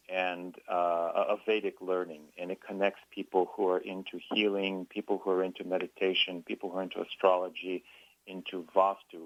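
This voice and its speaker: A man's voice: low-pitched, dry recording, muffled recording. A man, a guest author on a radio show, talking earnestly and thoughtfully, often restarting his phrases. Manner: earnest, reflective, with many restarts. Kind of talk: radio interview.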